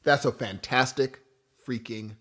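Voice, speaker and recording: A man co-hosting a podcast, giving opinions in animated casual banter. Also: medium pitch, a little slow. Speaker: podcast co-host. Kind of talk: casual chat.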